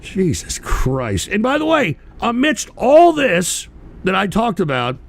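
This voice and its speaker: A man hosting his own livestream radio show, ranting angrily with lots of swearing and sudden shouted bursts while answering chat. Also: high voice, wildly swooping pitch, slow, gravelly. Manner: profane, combative, shouting bursts. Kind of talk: angry ranting commentary, reading chat.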